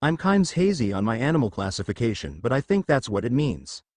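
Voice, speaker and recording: A man's voice: mid-range voice, sing-song, brisk, no echo. A man playing a whiny wisecracking young husband. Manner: joking, complaining. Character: wisecracking young married teacher, a bit whiny.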